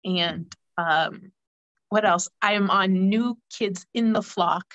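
A woman chatting casually about her knitting, rambling with lots of fillers and clearing a frog in her throat. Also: medium pitch, slow, fairly bright tone, dry recording, highs cut off. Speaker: guest knitter. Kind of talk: casual knitting podcast chat.

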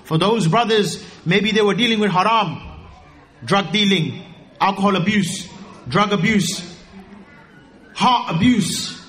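A man giving an animated sermon, joking and rising to high exclaims. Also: takes it slowly, pauses often. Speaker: preacher.

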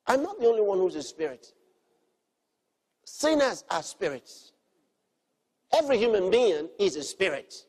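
A man preaching a sermon, earnestly teaching and repeating key phrases, moving between soft, quiet lines and emphatic ones. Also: high-pitched, very animated, measured pace, long pauses, slightly rough.

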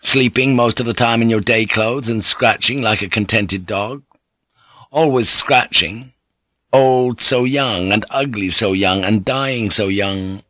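A middle-aged man narrating a novel in a measured, dramatic, rhythmic reading. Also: on the low side, a bit bright, dry recording. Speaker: audiobook narrator. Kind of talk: scripted narration.

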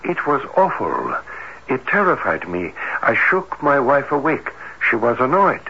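An actor playing a cautious, formal doctor who speaks earnestly and hesitantly in a 1970s radio drama. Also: male voice, mid-range voice, very animated, a little slow, vocal fry, bright, forceful tone, husky, exaggerated voice. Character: cautious, formal male doctor, a man of science. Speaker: cardiologist. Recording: dull lo-fi vintage radio with faint hiss.

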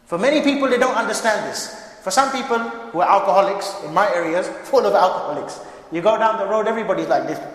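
A man's voice: high voice, fast. Man preaching in an echoey hall. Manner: lively, joking asides to the congregation. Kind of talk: mosque sermon. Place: mosque hall.

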